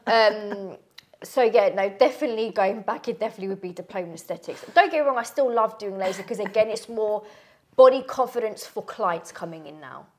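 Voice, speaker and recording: A woman's voice: mid-range voice, fairly quick. London woman chatting on a podcast, says literally a lot, thoughtful. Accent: London English. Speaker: podcast co-host, aesthetics trainer. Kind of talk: casual chat.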